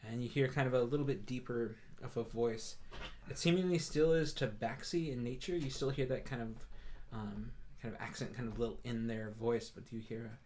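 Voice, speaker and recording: A man's voice: medium pitch, normal speed, a little mellow, slight background noise. A man running a tabletop game as game master, describing scenes at length with frequent hesitations. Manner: descriptive, many fillers and restarts.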